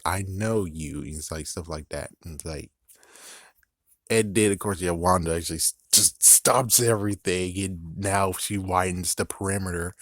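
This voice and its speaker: A man's voice: low-pitched, no echo, studio quality. A man giving a loose, rambling episode recap, swearing often and breaking into laughs. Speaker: channel host recapping an episode. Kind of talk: casual recap vlog.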